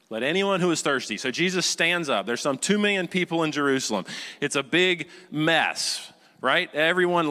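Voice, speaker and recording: A pastor giving a sermon, reading scripture and explaining it to the congregation in a conversational way, often asking them questions and building to fervent high points. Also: male voice, bright, forceful tone, clear, resonant tone, long reverb tail. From United States. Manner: conversational preaching, asks the congregation questions, rises to fervent peaks.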